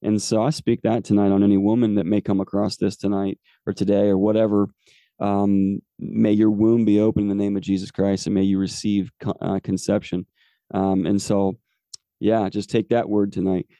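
A man's voice: lowish voice, little pitch movement, moderate pace, dark tone, no echo, clean studio sound. A man in his forties, a podcast host telling a personal faith testimony in an earnest, rambling way with many fillers. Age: 40s.

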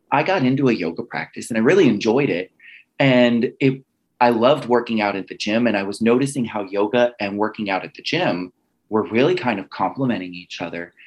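Husky man telling a personal story. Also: lowish voice. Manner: animated, acts out quoted dialogue with restarts and "like" fillers.

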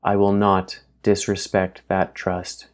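A man voicing a calm caring car AI. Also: on the low side, natural voice. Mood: gentle. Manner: slow, measured, gentle.

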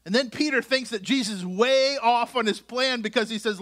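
Bright high-voiced male pastor preaching. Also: brisk, hardly any pauses. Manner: conversational, joking asides while reading scripture. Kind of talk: sermon.

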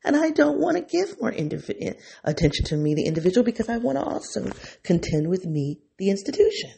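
A man talks through his thoughts on his own podcast, unscripted and excitable, often restarting and circling back. His voice sits a bit high for a man, yet it is mellow and dark in tone, with a husky, gravelly texture. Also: a little fast. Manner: thinking aloud, excitable, circling back on himself. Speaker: podcast host. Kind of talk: unscripted reflective monologue.

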